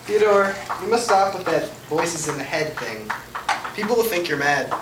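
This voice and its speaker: A woman's voice: on the low side, lively intonation, moderate pace, close to an everyday voice. A woman on stage playing a haughty, vain male Russian author with a lofty, formal manner. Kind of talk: amateur stage acting. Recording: echoey hall from far off, loud noise.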